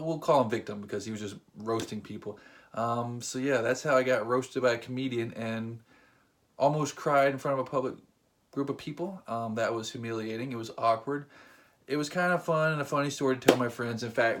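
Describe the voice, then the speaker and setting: A young man telling a funny personal story to camera in a casual, animated, self-deprecating way. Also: mid-range voice. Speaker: vlogger.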